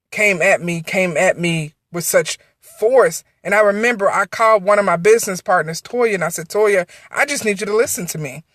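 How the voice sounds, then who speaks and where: A woman speaks into her phone on a livestream, pouring out an emotional, faith-filled testimony. She loops back on her phrases as the feeling builds. The sound is close and dry, with no room echo. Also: mid-range voice. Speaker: network marketing director.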